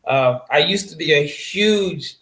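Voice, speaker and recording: A man's voice: mid-range voice, fairly even intonation, moderate pace. Rambling man in a roomy echo. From Nebraska. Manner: rambling storyteller, many fillers and restarts. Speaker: guest draft analyst. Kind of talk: casual interview chat. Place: home setup, away from his usual mic. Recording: roomy echoey sound.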